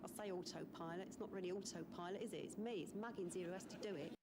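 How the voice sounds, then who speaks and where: An actress playing a dry, sardonic female ship computer with a deadpan delivery, in a sitcom with studio audience laughter. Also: fairly low pitch, fast, noisy background, close to an everyday voice. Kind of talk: 1980s TV sitcom acting.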